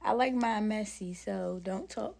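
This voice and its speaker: A woman's voice: medium pitch, unhurried, vocal fry, a little mellow. A young woman telling a casual storytime to her viewers while she does her hair, chatting straight to them.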